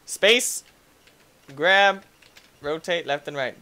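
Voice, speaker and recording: A man giving goofy, excitable commentary over his gameplay, laughing and yelling at the game. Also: fairly high pitch, moderate pace. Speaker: gaming YouTuber. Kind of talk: let's play commentary.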